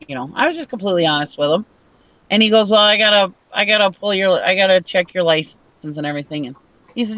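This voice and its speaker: A woman's voice: fairly low pitch, a bit bright, no echo, low-quality recording. A woman from Minnesota telling a story in casual chat, laughing often and acting out what people said. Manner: chatty, laughs often, acts out quotes.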